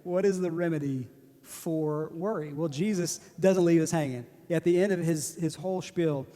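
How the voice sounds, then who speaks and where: A man's voice: fairly high pitch, moderate pace, mellow. A man, preaching a sermon in a joking, self-deprecating way and laughing often. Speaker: pastor. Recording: long hall reverb.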